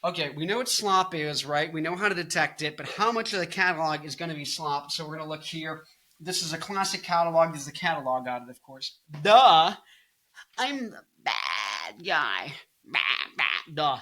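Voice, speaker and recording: A man's voice: a little high, fast talker, pushed and bright. A young man in his twenties hosting a casual, jokey and rambling music commentary video. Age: 20s. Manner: jokey, rambling, goofs off into silly bits.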